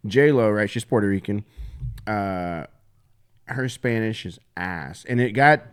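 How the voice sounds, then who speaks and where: A young adult man co-hosting a podcast, chatting in an animated, slangy way. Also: on the low side, slow, clean tone. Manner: animated, slangy, says bro and dude. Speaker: podcast co-host. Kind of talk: casual chat.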